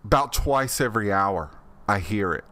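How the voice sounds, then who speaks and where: Casting: male storyteller doing a calm, convinced woman homeowner, low and level, barely acted. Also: normal speed, dry recording. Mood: calm insistence. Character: confused older woman homeowner, calm and certain. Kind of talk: casual storytelling.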